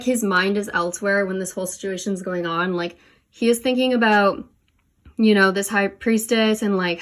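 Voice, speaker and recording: A young woman doing a casual tarot reading at home, talking with many fillers and a little out of breath as she leans over her cards. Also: mid-range voice. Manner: chatty, many "like" and "um" fillers, laughs at herself. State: a bit out of breath. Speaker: tarot reader. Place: home room, kneeling over cards on the floor.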